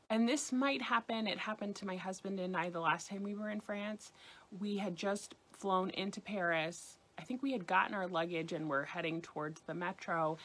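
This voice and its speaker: A woman's voice: lowish voice, fairly bright tone. A woman giving a casual French lesson, chatting and repeating phrases for listeners to practice. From United States. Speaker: French language teacher.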